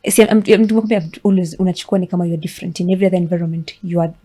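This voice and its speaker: A young Kenyan woman on a podcast, telling her story in English laced with Swahili. Her voice sits a little low, and she tells it with animated energy. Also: racing. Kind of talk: casual chat.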